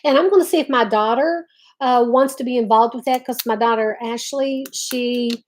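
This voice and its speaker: A woman's voice: a little high, moderate pace, darkish tone, slight background noise. A middle-aged woman hosting a casual livestream, chatting with viewers, greeting them by name and often restarting her sentences. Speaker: livestream host. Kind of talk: casual live-stream chat.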